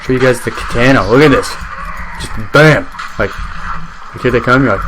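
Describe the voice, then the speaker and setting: A man's voice: medium pitch, normal speed, pauses often, a bit bright, a little hiss or hum. A man giving casual let's-play commentary on his own game, rambling and chatty, joking with the enemies as they come at him.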